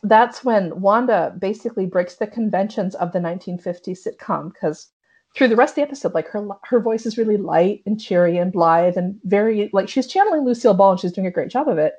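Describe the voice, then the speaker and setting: A woman hosting a casual podcast discussion, animated and acting out quoted lines as she talks. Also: medium pitch, fairly quick, slightly rough, muffled recording. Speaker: podcast host.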